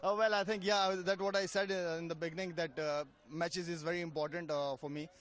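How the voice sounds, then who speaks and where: Man, cricketer, interview, halting, fillers, raised pitch. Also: little pitch movement, a bit bright. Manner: halting, many fillers and restarts. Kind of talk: post-match style interview.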